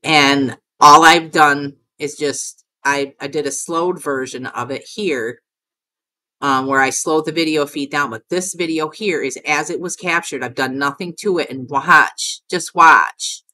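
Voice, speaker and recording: A woman's voice: deep voice, unhurried, bright, forceful tone. A middle-aged woman narrating her own footage in a casual vlog. She talks in a rambling, emphatic way and curses often. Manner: rambling and emphatic, with frequent cursing. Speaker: video creator.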